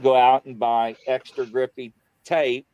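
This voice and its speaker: A man casually telling a story on a talk show, acting out the dialogue and jumping high in pitch when he gets excited. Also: measured pace, smooth, no echo, dull audio. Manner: animated, acts out quoted dialogue, voice jumps high when excited. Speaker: guest on a paranormal talk show.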